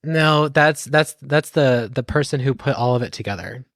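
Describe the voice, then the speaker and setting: A man's voice: mid-range voice, normal speed, a bit bright, dry recording, studio quality. A man co-hosting a podcast in casual chat who rambles, restarts his sentences and laughs easily. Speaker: podcast co-host.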